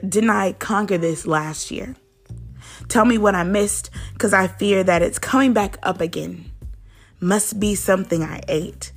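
A woman's voice: lowish voice, husky. A woman hosting a daily devotional, teaching in an earnest, conversational way and speaking straight to the listener. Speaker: devotional host.

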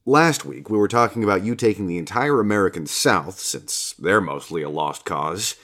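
A man's voice: low-pitched, normal speed, a bit bright. A man voicing a laid-back, foul-mouthed male God who talks like a casual bro, coaxing and swearing freely. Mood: joking. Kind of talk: audiobook character reading.

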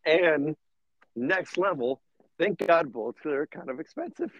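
A man from Detroit chiming in on a casual podcast with short, blunt reactions and frequent swearing. His pitch jumps around a lot, and the recording is dry and a little dull, with no room sound. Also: animated, a little slow, no echo. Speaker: podcast co-host. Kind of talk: casual chat.

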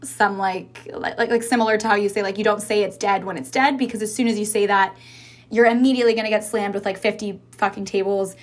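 A young woman talks through her own podcast in a loose, rambling way. She swears freely and leans on fillers. A slight lisp softens her speech. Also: mid-range voice, steady tone, brisk. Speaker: podcast host. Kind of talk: casual solo podcast chat.

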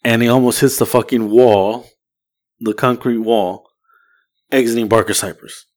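A man's voice: medium pitch, steady tone, normal speed, a little mellow. A man, co-hosting a podcast and telling a rambling, profane story in casual chat. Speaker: podcast co-host.

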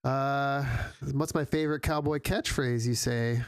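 A young man cracks goofy, self-mocking jokes at a quick clip on a comedy podcast. His voice sits in the middle range, recorded dry and close. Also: mid-range voice, steady tone, smooth, dry recording. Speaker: podcast co-host. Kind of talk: casual comedic podcast chat.

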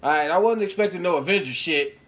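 A young man cohosting a casual comedic chat, ranting loudly with lots of profanity and laughter. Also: fairly high pitch, fairly quick. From United States. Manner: loud, profane, laughing rants. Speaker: podcast co-host.

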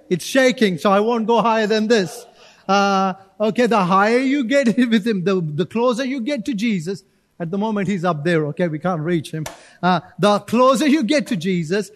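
A male pastor preaching a sermon in church, animated, acting out little voices and asides to the congregation. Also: high voice, normal speed.

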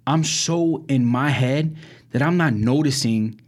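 This is a young podcast co-host from Brooklyn, speaking at medium pitch and a little slowly. Chatting loosely, he tells animated stories, acting out quotes and leaning on many fillers such as "like" and "um."

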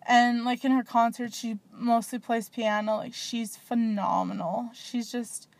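A woman's voice: a little high, level tone, measured pace, creaky, no room sound. A woman hosting a small podcast, rambling and gushing in casual chat with lots of fillers. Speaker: podcast host.

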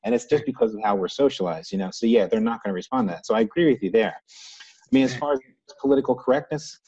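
A man's voice: medium pitch, fast, mellow, slightly rough, muffled recording. An American man talking through his views in a loose, reflective way, with many restarts and fillers. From United States. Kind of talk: casual conversation.

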